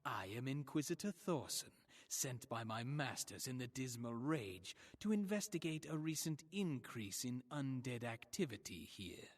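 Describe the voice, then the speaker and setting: A stiff formal inquisitor. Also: male voice, mid-range voice, animated, measured pace, hardly any pauses. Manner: formal, announcing. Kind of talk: video game voice acting.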